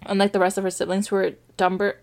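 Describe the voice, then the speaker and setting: A woman's voice: medium pitch, monotone, fast, creaky, a little mellow. A young woman casually reading a story aloud on a podcast, adding her own offhand remarks.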